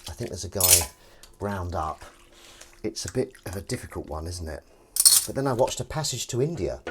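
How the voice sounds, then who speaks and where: Over heavy background noise and the clatter of dishes and cutlery, a livestream host talks on and on while doing the washing up. His voice sits on the low side, and his chatter is rambling and full of self-interruptions.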